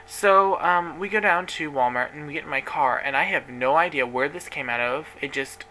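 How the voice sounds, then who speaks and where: Bright-voiced young man telling drama. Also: on the high side, moderate pace, a little hiss or hum, low-quality recording. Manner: chatty, dramatic, swears freely. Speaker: vlogger. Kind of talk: casual storytelling to camera.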